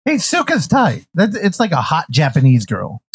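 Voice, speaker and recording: A man's voice: on the high side, huge pitch swings, moderate pace, breathy edge, no echo, clean studio sound. Teasing, laughing podcast co-host man. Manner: teasing, profane, laughs often. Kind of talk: casual chat.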